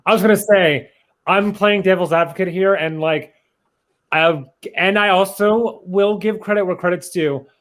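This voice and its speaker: A man's voice: sits high, moderate pace, a bit bright. A man co-hosting a casual group chat, speaking in a candid, blunt way. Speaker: podcast co-host.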